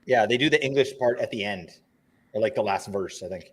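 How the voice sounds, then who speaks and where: A man's voice: lowish voice, fairly quick, a bit bright, slightly rough. A man co-hosting a live stream, chatting casually in a playful, jokey way. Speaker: co-host.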